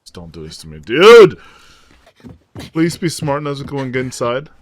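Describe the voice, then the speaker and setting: A man hosting a casual anime reaction, excitable and slangy, exclaiming at the screen. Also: mid-range voice, quick pace. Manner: slangy, says dude and bro a lot. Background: anime audio playing faintly.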